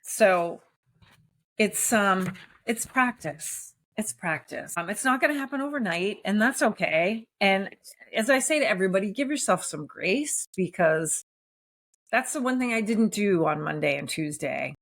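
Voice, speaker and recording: A woman hosting a solo podcast, talking candidly and gently encouraging listeners, with frequent restarts and soft laughs. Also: mid-range voice, lively intonation, normal speed. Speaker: podcast host. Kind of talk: solo reflective podcast talk.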